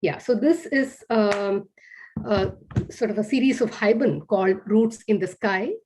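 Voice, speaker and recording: A middle-aged woman at an online poetry reading, reading her own poems slowly and with care, and giving short hesitant introductions between them over a video call. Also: medium pitch, warm tone, a little hiss or hum. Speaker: poet reading her work.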